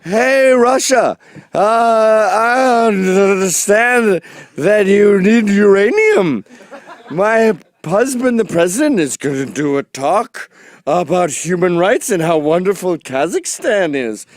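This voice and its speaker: A man doing a weary older woman politician. She drags out her words in a stiff, over-enunciated, slowed delivery. The voice is pushed high and loud. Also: animated. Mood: mocking.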